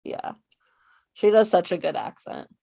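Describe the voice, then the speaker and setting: A woman's voice: on the low side, sing-song, unhurried, gravelly, warm tone, no echo. A young woman co-hosting a fan show, chatting in an upbeat, encouraging way. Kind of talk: casual chat.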